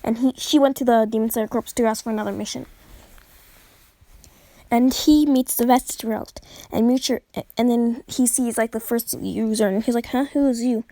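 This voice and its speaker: A woman with a fairly high voice narrates a made-up story in loose, casual talk. She rambles, stumbles, and corrects herself as she goes. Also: steady tone, moderate pace, dark tone, no room sound. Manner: rambling, many fillers and self-corrections. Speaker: fan storyteller.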